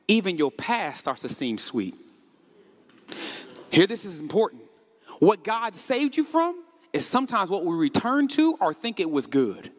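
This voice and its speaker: Animated preacher man in an echoey hall. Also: high voice. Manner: animated preaching, rising to shouts, call-and-response questions. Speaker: pastor. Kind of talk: sermon. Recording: echoey hall with long reverb.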